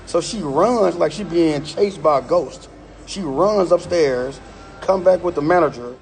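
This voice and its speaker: A man's voice: a little high, measured pace, gravelly, faint music behind. A middle-aged man, angrily live-streaming a complaint on his phone inside a gym, emphatic and repeating himself. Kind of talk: heated live-stream rant. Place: indoor gym.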